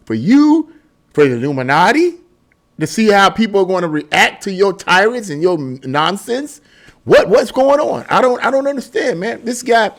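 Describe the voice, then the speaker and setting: A man hosting an opinion channel, talking off the cuff in a rambling way, full of restarts and disbelieving questions. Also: high-pitched. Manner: rambling, repetitive, with many restarts and stammers; incredulous, rising questions. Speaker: commentary channel host. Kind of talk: casual opinion monologue.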